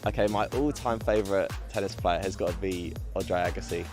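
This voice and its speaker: A young man from England chatting casually about tennis and family, relaxed and full of fillers. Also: deep voice, a little fast, over music. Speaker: guest interviewee. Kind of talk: casual to-camera chat.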